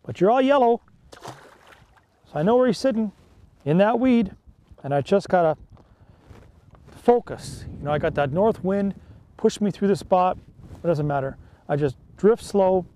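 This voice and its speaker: A man chatting excitedly and folksily while fishing from a small boat on a lake. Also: high-pitched. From Canada. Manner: excitable, folksy, peppers talk with "eh". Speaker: fishing vlogger. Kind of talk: casual on-the-water chat.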